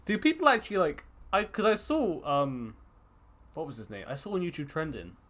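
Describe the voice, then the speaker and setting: A man's voice: on the high side, big pitch swings, normal speed, a bit bright. A man co-hosting a casual podcast over an online call, rambling with many restarts and swearing. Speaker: podcast co-host. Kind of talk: casual chat.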